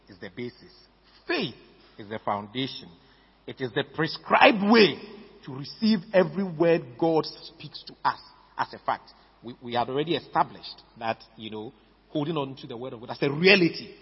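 A Ghanaian-accented man preaches in a husky voice with a lively, swinging pitch, hammering on single words and doubling back on phrases. The recording is dull and lo-fi, with a long reverb from a large church hall. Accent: Ghanaian English. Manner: emphatic, repeats words, stresses key words. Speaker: pastor. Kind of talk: sermon.

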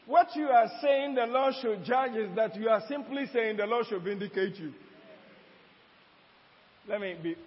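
High-voiced pastor preaching in a hall. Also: male voice. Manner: preaching with call-and-response asides and laughter. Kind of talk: sermon. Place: church hall. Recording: dull sound with long hall reverb.

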